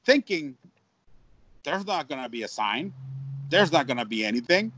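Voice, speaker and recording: A man, a baseball broadcaster, telling a story in an interview with lively repetitions and Spanish phrases. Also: a little high, moderate pace, muffled recording, a little hiss or hum. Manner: animated, repeats words, mixes in Spanish phrases. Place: at home.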